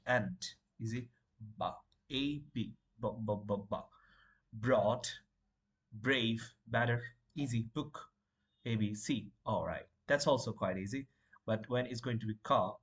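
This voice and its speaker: A man with a husky, slightly breathy voice leads a beginner pronunciation lesson. He talks slowly, breaking English into single sounds and example words and repeating them patiently. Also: mid-range voice, fairly bright tone. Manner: repeats sounds and words slowly, with fillers like "you know" and "all right".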